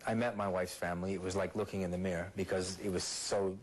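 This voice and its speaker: A man being interviewed in casual chat, joking about himself and mixing halting Spanish into his English. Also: deep voice, level tone, a little hiss or hum, poor audio. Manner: self-deprecating, mixes broken Spanish into English. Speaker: interview guest, singer.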